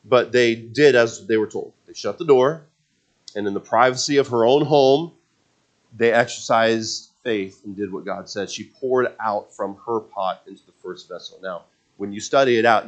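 Animated male preacher telling a story. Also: lowish voice, normal speed. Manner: animated storytelling, acting out the characters' words; repeats words and restarts when excited. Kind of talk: sermon.

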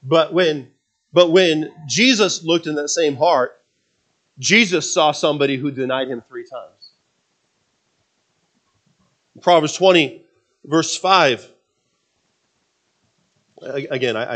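A man preaching a sermon as pastor, swinging between loud emphatic passages and quiet, confiding asides. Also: mid-range voice, normal speed, long pauses.

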